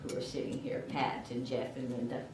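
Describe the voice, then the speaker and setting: This award recipient is an older woman from southern Illinois whose rumbling low, darkish voice stays level at normal speed, with a rural southern Illinois accent. Speaking at a podium mic, she gives a chatty, self-deprecating acceptance speech, picked up from far off in an echoey room amid background noise.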